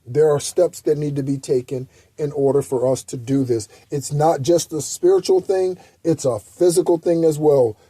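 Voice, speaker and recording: A man's voice: fairly high pitch, moderate pace, few pauses, dark tone, slightly rough, no echo. A man hosting a spiritual guidance channel, giving a blunt, preachy, profane motivational talk. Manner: blunt, preachy, heavy swearing.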